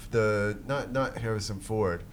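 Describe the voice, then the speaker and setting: A young man co-hosting a comedy podcast, trading crude deadpan jokes in casual banter. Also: on the low side, a little slow, noisy background. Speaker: podcast co-host.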